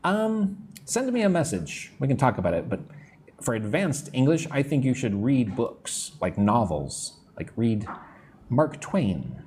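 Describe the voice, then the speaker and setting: Slow American man teaching English. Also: mid-range voice, big pitch swings, darkish tone, a little hiss or hum. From United States. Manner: slow, careful modelling of phrases for repetition. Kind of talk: live-stream English lesson, reading chat comments. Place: room in Vietnam.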